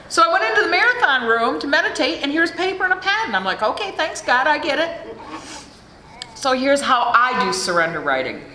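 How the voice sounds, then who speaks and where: A middle-aged American woman gives a frank, profane recovery share at a meeting, talking into a podium mic in a big hall. Her voice is high-pitched and sharp, with large pitch swings and a slightly fast pace. The echoey hall carries faint room noise.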